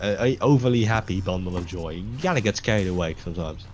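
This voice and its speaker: Game music plays clearly under this young gaming host's quick, expressive voice, which sits low with a darkish tone. He talks casually through his gameplay, rambling, restarting often, and cursing without restraint.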